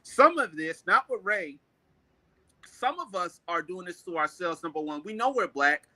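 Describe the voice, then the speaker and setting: A blunt man in shares strong opinions with a high, very bright voice. The sound is dry and close, with no room around it. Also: animated, normal speed, no room sound, rough recording. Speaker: co-host. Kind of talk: candid discussion.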